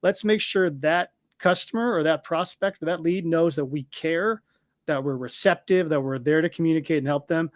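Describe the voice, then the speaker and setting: A man speaking as an interview guest, explaining his company's software in a confident, explanatory way. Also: normal speed, no room sound, studio quality. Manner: explanatory, confident pitch of a product. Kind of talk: casual interview talk.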